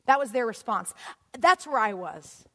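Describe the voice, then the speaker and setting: A woman giving a storytelling sermon in a church auditorium, animated and laughing often as she acts out scenes. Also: on the high side, moderate pace. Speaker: guest speaker. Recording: long hall reverb.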